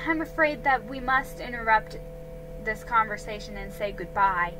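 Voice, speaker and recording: A woman's voice: a little high, expressive, normal speed, lightly acted, poor audio. A woman voicing a poised young woman detective, polite and assured, read over background music. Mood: calm, kind.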